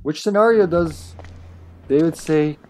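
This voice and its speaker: A man streaming a co-op game, joking with teammates, swearing and yelling in tense moments. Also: fairly high pitch, unhurried, a little hiss or hum. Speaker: streamer playing co-op online. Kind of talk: casual gaming chat.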